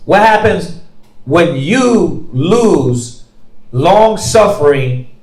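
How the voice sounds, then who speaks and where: A man's voice: on the high side, lively intonation, drawn-out words, darkish tone. A man leading a bible study discussion, firing off rhetorical questions and call-and-response prompts in a colloquial way. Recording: roomy echo.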